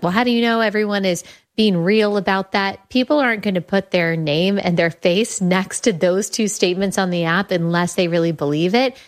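A young adult woman hosting her show, talking earnestly and enthusiastically and often restarting her phrases. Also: lowish voice. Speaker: podcast host presenting her app. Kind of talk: casual talk.

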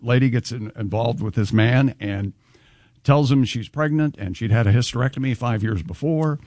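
Male co-host, wry sarcastic quips, mid pitch, dry sound. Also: moderate pace, a little mellow, dry recording. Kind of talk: casual studio banter.

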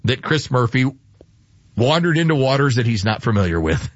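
A man's voice: mid-range voice, very animated, moderate pace, no room sound, lo-fi sound. A man hosting a radio sports show, chatting with a co-host and reading the sports headlines. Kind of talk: casual radio chat and read sports headlines.

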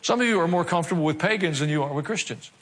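A man preaching from the pulpit, with a voice pitched a bit high. He reads scripture and breaks into wry asides, then presses his points with dramatic emphasis. His words ring out with a long reverb, as in a large hall. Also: lively intonation, rapid-fire, fairly bright tone. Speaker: pastor. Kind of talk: sermon.

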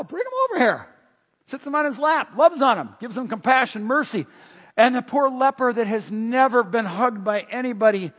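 A man preaching a sermon in an animated way, full of rhetorical questions, in a dull, echoey hall recording. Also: sits high. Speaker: pastor.

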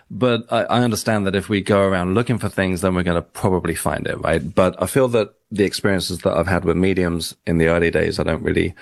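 A man's voice: sits low, no room sound. A man, a podcast guest, talking in a rambling, reflective way with many restarts. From United Kingdom. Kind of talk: casual interview talk.

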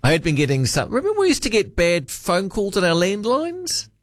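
Talkback host, Kiwi man, lively up-and-down voice, dry close studio sound. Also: high voice, brisk, no echo. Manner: musing, chatty, reads out listener texts. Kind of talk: casual late-night radio chat. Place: radio studio.

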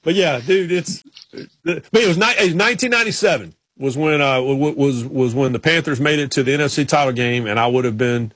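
A man's voice: medium pitch, fast talker, few pauses, a bit bright, no room sound. A man hosting a casual chat, telling rambling stories with many restarts. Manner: rambling storyteller, frequent restarts. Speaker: podcast host.

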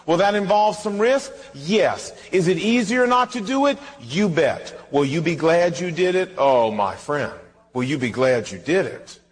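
A man's voice: high voice, husky, big-room sound. A man preaching a sermon as pastor, telling a personal story and acting out both sides of the conversation.

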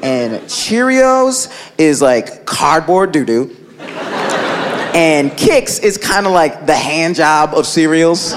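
A man performing a stand-up routine, telling a childhood story with animated voiced impressions. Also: fairly high pitch, slow. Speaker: stand-up comedian. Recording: live club recording with crowd noise. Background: audience laughter.

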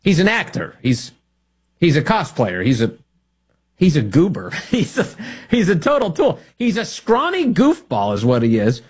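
A male talk radio host with a slightly husky, somewhat high voice that swoops up and down. He talks in a mocking, sarcastic way and chuckles at his own jokes. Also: huge pitch swings, moderate pace, darkish tone. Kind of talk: political talk radio commentary.

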